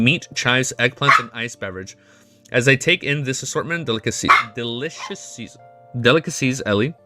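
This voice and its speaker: A man livestreaming as he reads a novel aloud in steady first-person narration, breaking off now and then to scold his pet. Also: mid-range voice. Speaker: streamer.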